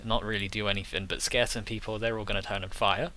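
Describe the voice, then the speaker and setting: A man narrating as game master of a tabletop game, halting and full of restarts. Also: fairly low pitch, fairly even intonation, bright, forceful tone.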